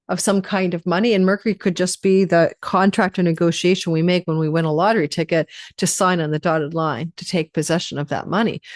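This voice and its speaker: Chatty woman astrologer, lower pitch, dry close sound, rambles off topic. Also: no echo. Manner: chatty, rambling, digressive with laughs. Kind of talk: casual astrology forecast.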